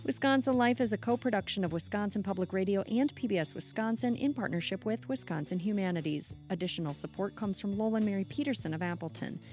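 A woman producer presenting a public radio segment in a clear, measured announcing voice. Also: mid-range voice, a little mellow, soft background music.

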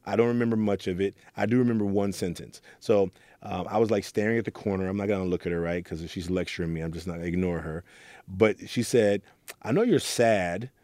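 Low, mellow-voiced man telling his story. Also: fairly even intonation, fast talker, dry recording. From Oakland, California. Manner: earnest storyteller, acts out quotes with rising voice. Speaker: guest, youth mentor. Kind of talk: reflective interview talk.

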